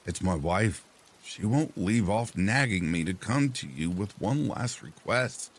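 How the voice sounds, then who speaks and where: Meek old fisherman, mild apologetic tone, husky low voice, as a man plays him. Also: expressive, a little slow, heavily acted.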